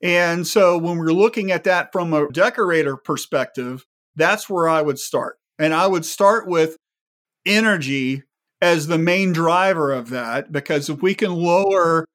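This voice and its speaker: Explanatory man with a raised pitch. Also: unhurried, fairly bright tone. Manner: explanatory, uses many rhetorical questions. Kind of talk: podcast panel discussion.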